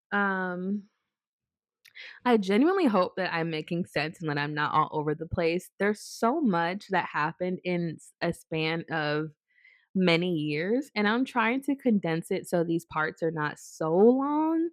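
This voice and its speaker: Young woman, lowish voice, dry close sound, chatty rambling storytime vlogger. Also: measured pace, no echo. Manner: rambling, filler-heavy, animated quoted asides. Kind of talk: casual storytelling to camera.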